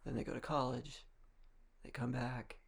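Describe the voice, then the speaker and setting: Young man from Massachusetts, casual vlogger, rambling and wry, with a gravelly, husky voice. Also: mid-range voice, little pitch movement, moderate pace. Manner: rambling, wry, with frequent restarts and soft laughs. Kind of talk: casual monologue.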